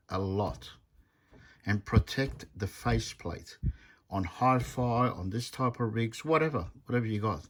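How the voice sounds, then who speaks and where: A man's voice: mid-range voice, a little hiss or hum. A man, a repair technician chatting bluntly in a casual workshop vlog. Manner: blunt, chatty storyteller, retells arguments animatedly.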